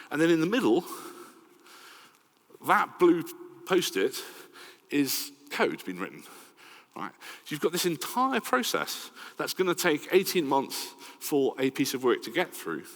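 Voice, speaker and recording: A middle-aged man with a Welsh accent giving a lively, conversational conference talk and often checking in with "right?". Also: medium pitch. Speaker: conference speaker. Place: large conference hall. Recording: long hall reverb.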